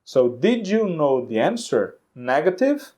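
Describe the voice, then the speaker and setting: A man with a Brazilian Portuguese accent gives an English lesson in a warm, darker voice that sits a little high. He takes his time, and his pitch moves widely as he goes through the answers. He repeats each one and checks with his students often. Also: big pitch swings, unhurried. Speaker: English teacher. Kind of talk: classroom grammar lesson.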